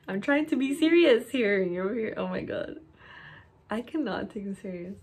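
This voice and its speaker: A woman's voice: medium pitch, animated, normal speed, a little mellow, slightly rough. A young woman casually chatting to viewers while pranking her boyfriend, laughing often and making playful asides. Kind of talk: casual prank vlog chat.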